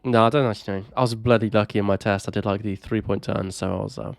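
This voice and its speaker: A man from England co-hosting a podcast, chummy and teasing, quick to laugh. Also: on the low side, steady tone, vocal fry, no room sound, soft background music. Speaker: podcast co-host. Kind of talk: casual banter.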